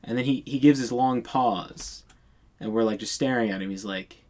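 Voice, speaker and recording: A man's voice: medium pitch, normal speed, darkish tone. A man telling a storytime tale in a casual monologue, exasperated and profane, rambling with many restarts.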